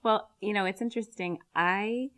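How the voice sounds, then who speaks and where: Lady host interviewing a guest, friendly, middle pitch. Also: normal speed, a bit bright. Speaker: talk show host. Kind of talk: casual interview questions.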